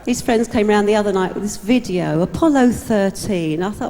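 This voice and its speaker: A woman's voice: mid-range voice, animated, measured pace, crowd noise. A woman telling stand-up jokes in a chatty, wry way. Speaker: comedian. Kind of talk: stand-up routine. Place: live comedy stage. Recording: live hall reverb.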